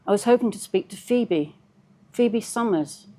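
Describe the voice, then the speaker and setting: A woman's voice: medium pitch, expressive, measured pace, warm tone, lightly acted. A woman reading the lines of a worried female psychotherapist who asks anxious, earnest questions.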